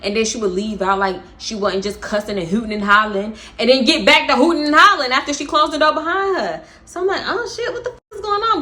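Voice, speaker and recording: A young woman vlogger casually telling a storytime, animated and slangy, swearing and laughing as she goes. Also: medium pitch, a little hiss or hum.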